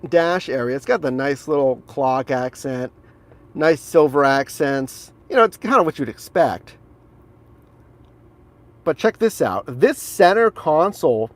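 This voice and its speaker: A man streaming live from his car, enthusiastically showing viewers around the vehicle and chatting with them as he films on a handheld phone. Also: medium pitch. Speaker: rideshare driver and streamer. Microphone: handheld phone camera.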